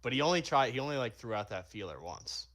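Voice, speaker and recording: A man's voice: medium pitch, very animated, fast, a bit bright. A man co-hosting a podcast, talking through a movie in an easygoing, agreeable way. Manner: easygoing, laughs along, agreeable. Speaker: podcast co-host. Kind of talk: casual movie review chat.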